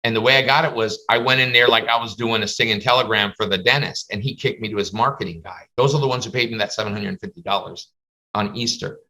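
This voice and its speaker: Animated man teaching over a video call. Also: fast, rough recording. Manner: animated, acts out little dialogues in higher voices. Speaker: face painting business instructor.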